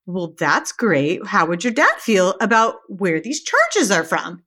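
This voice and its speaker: A woman's voice: mid-range voice, big pitch swings, measured pace, few pauses, fairly bright tone. A woman guest on a podcast, telling a story in a casual interview and acting out the quotes with animation.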